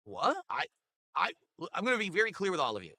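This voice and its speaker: Brief: male streamer, quick and sharp-toned, profane rambling thank-yous, dry close desktop mic. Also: high voice, wildly swooping pitch, vocal fry, dry recording. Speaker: livestreamer. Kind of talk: casual stream chat reading donations. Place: his home streaming room. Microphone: desktop USB mic.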